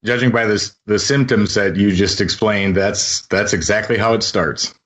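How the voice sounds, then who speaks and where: Low-voiced male radio co-host. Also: normal speed, fairly bright tone. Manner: short reactions, easy laughs. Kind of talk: casual radio chat.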